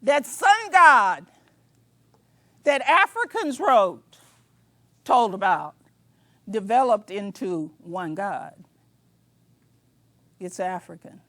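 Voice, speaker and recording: An older woman giving a lecture in a preacherly, emphatic manner, with colloquial asides and bursts of shouting. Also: mid-range voice, lively intonation, very slow, long pauses, no room sound. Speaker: speaker.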